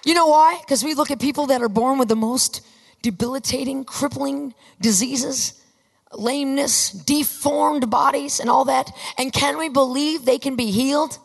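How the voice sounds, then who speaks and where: A woman's voice: sits high, moderate pace, creaky, some chatter behind. Fervent woman preaching in an echoing hall. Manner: fervent, rising to emphatic shouts. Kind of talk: sermon. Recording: long reverb of a large hall.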